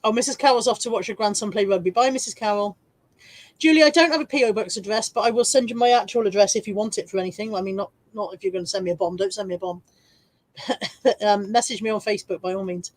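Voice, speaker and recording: Woman, 40s, from England; livestream host, casual and laughing, mid pitch, dry close recording. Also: fast talker, dry recording. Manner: chatty, self-mocking, laughs often. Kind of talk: casual live chat reading comments.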